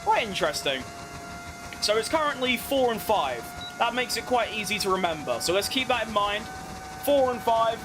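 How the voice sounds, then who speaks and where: A man's voice: high-pitched, very animated, normal speed, music in the background. A young man giving casual, self-mocking commentary as he plays a racing game, rambling and restarting his sentences. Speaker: gaming video creator. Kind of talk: casual commentary over gameplay.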